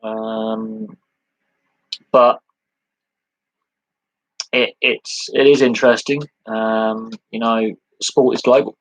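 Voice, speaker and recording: A man hosts a live sports podcast Q&A, talking loosely and at length, piling up lists and restarting his sentences. His voice sits fairly low and sounds slightly husky. The recording is close and dry. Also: little pitch movement, drawn-out words, long pauses, no room sound, rough recording. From United Kingdom. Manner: rambling, conversational, with many restarts and lists.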